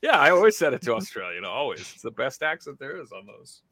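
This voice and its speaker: A man chatting casually on a podcast, relaxed and slangy, telling animated stories. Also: medium pitch, fast talker, no room sound. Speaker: podcast guest.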